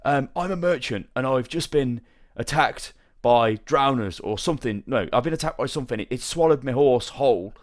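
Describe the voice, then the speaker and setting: Man doing a high, wheedling merchant. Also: lively intonation, moderate pace, close to an everyday voice. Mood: pleading. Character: nervous, pleading male merchant, a shifty liar.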